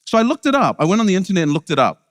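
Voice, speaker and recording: Lively New man telling jokes. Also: high voice, very fast, clean studio sound. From New Zealand. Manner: joking, self-interrupting storytelling. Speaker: keynote speaker, comedian. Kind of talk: comic keynote speech. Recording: long hall reverb.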